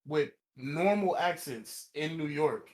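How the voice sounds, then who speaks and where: A man's voice: on the high side, slow pace, darkish tone. A young man co-hosting a podcast, blunt and profane in casual conversation. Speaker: podcast co-host. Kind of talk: casual chat.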